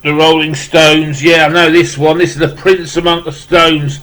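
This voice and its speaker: Man, slightly high voice, flat monotone delivery, rambling casual unboxing chat. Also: moderate pace, low-quality recording. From West Midlands, England. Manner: rambling, repeating "wow" and restarting with many fillers. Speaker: vlogger opening a parcel of rock music gifts.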